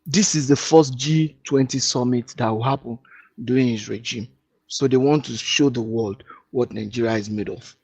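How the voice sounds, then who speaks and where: A man's voice: medium pitch, normal speed, a little mellow, slightly rough, no room sound. A man on a discussion panel, assertively explaining a point.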